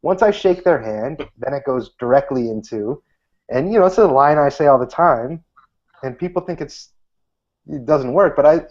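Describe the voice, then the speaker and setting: Animated man in his thirties, dull recording. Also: on the high side, moderate pace. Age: 30s. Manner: animated, acts out quoted lines in a lifted voice. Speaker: magician guest. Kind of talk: casual interview answers.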